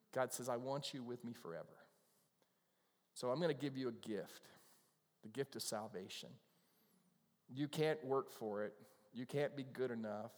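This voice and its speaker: A man preaching a conversational sermon, earnest and quick to be moved. His voice sits at an ordinary middle pitch. A long hall reverb trails every phrase, as in a church sanctuary. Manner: conversational, earnest, gets emotional. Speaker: pastor.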